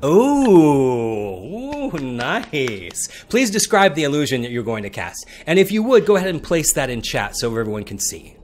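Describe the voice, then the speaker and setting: A man running a tabletop game as dungeon master, narrating scenes slowly and descriptively, with some restarts. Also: medium pitch, sing-song, darkish tone, a little hiss or hum.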